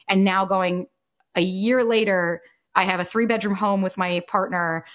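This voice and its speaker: A woman in her thirties speaks as a podcast guest, candid and blunt, with a mid-range voice. She tells stories in a lively, expressive way, cursing freely and slipping into the voices of people she quotes. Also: medium pitch, moderate pace. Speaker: podcast guest, dating coach. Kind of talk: candid conversational storytelling.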